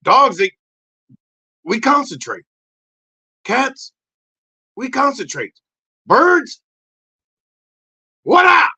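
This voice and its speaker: A man voicing a crude, brash male dog who rants and shouts in a comedy podcast bit. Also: very high voice, big pitch swings, extremely slow, long pauses, husky, dull audio, pitched above the performer's own voice, heavily acted. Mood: mocking.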